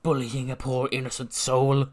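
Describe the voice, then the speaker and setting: A man's voice: medium pitch, completely flat delivery, moderate pace, close to an everyday voice. A man voicing a menacing, theatrical wrestler cutting a taunting promo in the ring. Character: menacing adult male wrestler, cult leader, theatrical.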